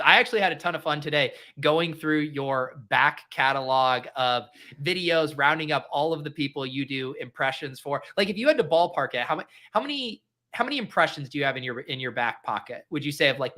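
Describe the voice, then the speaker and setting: A young adult man from Colorado, hosting a casual podcast interview in a chatty, upbeat way with quick asides. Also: on the high side, bright, forceful tone. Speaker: host.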